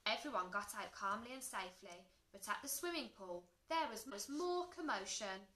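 Slow, bright-voiced woman reading a storybook. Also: mid-range voice. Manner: expressive, lively character voices. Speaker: primary school staff reader. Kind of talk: storybook read-aloud. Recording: roomy echo.

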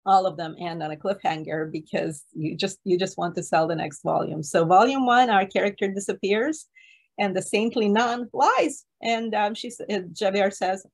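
Excited woman rambling about a novel over a video call, laughs a lot. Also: mid-range voice, moderate pace. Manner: enthusiastic, rambling, laughs often. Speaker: literature course leader. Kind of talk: solo online book talk.

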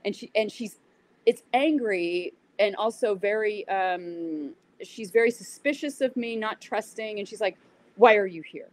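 Woman interview guest, animated storyteller, acts out quotes, mid-pitched voice. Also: unhurried, rough recording. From United States. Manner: animated retelling with acted-out quotes. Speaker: interview guest, yoga teacher. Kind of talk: casual storytelling.

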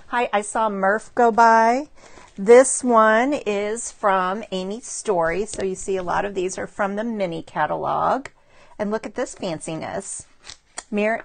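A middle-aged woman chatting warmly on a live craft stream, admiring handmade cards and greeting viewers by name. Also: medium pitch, vocal fry. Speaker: stamping demonstrator showing cards to live viewers. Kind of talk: casual live craft show-and-tell.

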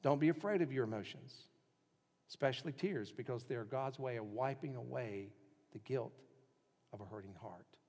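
A male pastor preaching a sermon, swinging from strong, raised lines down to hushed, near-whispered ones. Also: mid-range voice, normal speed, big-room sound. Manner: dramatic shifts in loudness, dropping to near whispers.

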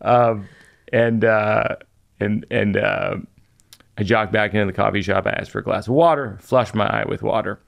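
A man's voice: fairly low pitch, fairly even intonation, normal speed, gravelly. A middle-aged man, a comedian hosting a podcast, telling a funny story in a dry, self-mocking way with playful asides. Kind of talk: comic storytelling in conversation.

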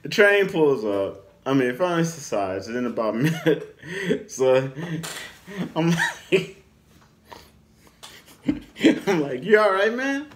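A man telling a casual storytime anecdote in an animated way, often laughing as he talks. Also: medium pitch, slow pace, pauses often, a little hiss or hum. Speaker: storyteller vlogger.

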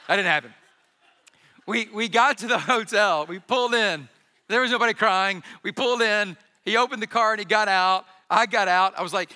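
A man's voice: high-pitched, brisk, bright, forceful tone, big-room sound. A man, a pastor, giving a sermon in a conversational, storytelling way with bits of humor.

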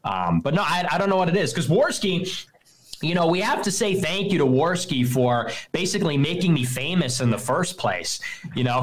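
A man hosting a livestream, talking in a profane, mocking, rapid-fire rant. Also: mid-range voice. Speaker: livestream host. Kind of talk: heated livestream talk.

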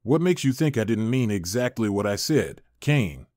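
A man's voice: fairly low pitch, very animated, normal speed, darkish tone, no room sound, clean studio sound. A man reading the lines of a young estranged wife, heated and pleading, in a story reading. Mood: defiant. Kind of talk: audiobook character reading.

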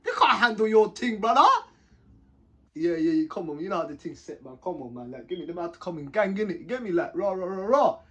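A young man telling a story to camera in a casual, animated, slang-heavy way, often tagging lines with short questions. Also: high-pitched, fairly quick, breathy edge. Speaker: vlogger telling a prison story.

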